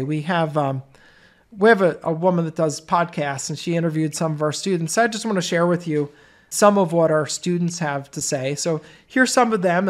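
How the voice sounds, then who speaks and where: A middle-aged man hosting a webinar, telling stories in a chatty way with many asides. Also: on the high side. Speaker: webinar host. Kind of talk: webinar sales talk.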